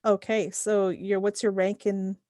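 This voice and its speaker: A woman's voice: mid-range voice, little pitch movement, a little slow, dark tone, no room sound, studio quality. A woman running a tabletop game as game master, patiently working through the rules and damage numbers. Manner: patient, checks numbers step by step.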